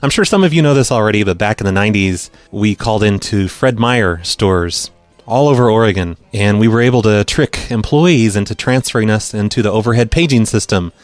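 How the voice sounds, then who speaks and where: A man's voice: lowish voice, brisk, no room sound, faint music behind. Rambling, dry-witted male show host. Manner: rambling, self-deprecating, dry asides. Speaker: host of a prank call show. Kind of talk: casual radio-style chat.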